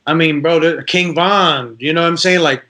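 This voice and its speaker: Bright high-voiced rapper telling stories. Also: male voice, moderate pace. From Detroit. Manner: animated storyteller, acts out voices. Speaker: rapper guest. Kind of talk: casual podcast interview.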